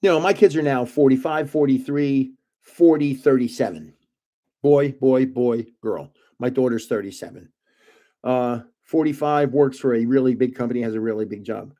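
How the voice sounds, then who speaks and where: A man's voice: medium pitch, normal speed, dark tone. Older man rambling through family stories. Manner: meandering, chuckles at his own stories. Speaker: host of a trading card livestream. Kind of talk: rambling casual storytelling.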